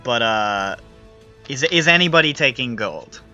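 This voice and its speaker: A man's voice: mid-range voice, animated, a little slow, bright, forceful tone. A man running a tabletop game as game master, narrating in a loose, casual way. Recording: muffled audio with faint music.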